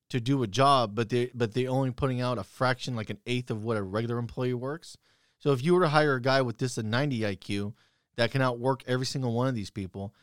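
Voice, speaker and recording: A man's voice: mid-range voice, no room sound, clean studio sound. A young man telling stories bluntly and profanely in casual chat, quoting his own heated retorts.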